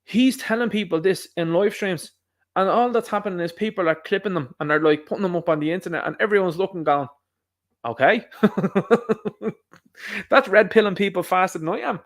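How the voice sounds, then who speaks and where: A young Irish man hosting a solo podcast, talking in a rambling, emphatic way with quick asides. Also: high voice. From Ireland. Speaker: podcast host. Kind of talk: solo commentary monologue.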